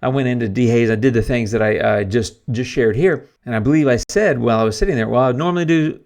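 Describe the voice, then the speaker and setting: Casting note: male tutorial host, relaxed and talkative, mid pitch, loose conversational delivery with fillers. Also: quick pace, vocal fry. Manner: chatty, self-deprecating, thinks aloud with fillers. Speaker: photography YouTuber. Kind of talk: casual screen-recorded editing tutorial.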